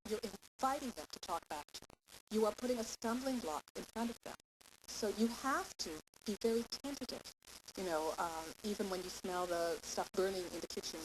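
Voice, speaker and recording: A woman's voice: medium pitch, brisk. Woman lecturing parents over hiss. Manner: lively, acts out parent and child lines in quotes. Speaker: parenting educator. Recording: steady hiss.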